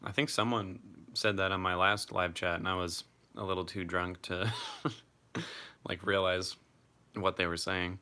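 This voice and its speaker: A man's voice: low voice, little pitch movement, unhurried, sharp tone, smooth. A young man casually chatting on a live stream, reading out viewer comments and swearing freely.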